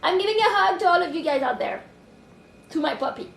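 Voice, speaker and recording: A woman life coach on a livestream from home, thinking aloud with sudden excited outbursts and cooing at her puppy. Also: very high voice, fairly quick, vocal fry, echoey room, recorded from a distance, noisy background. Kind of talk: livestream self-reflection. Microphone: phone.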